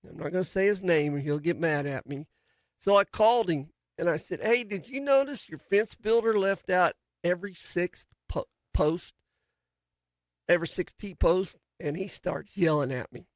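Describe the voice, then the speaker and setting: A man's voice: high voice, normal speed, dry recording. A man hosting a daily farm radio show, talking casually in a folksy, rambling way with many fillers and restarts. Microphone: studio microphone.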